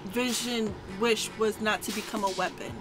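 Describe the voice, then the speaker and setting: A woman's voice: medium pitch, fairly even intonation, normal speed, music in the background, rough recording. A woman co-hosting a reaction video, recapping an episode in casual, slangy chat.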